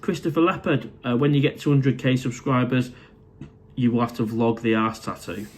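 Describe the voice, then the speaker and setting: A man's voice: medium pitch, steady tone, normal speed. Chatty Mancunian man, middle-aged. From Manchester, England. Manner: chatty and matey, calls viewers mate. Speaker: live-stream host reading viewer comments. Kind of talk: casual live-stream chat. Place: condo indoors.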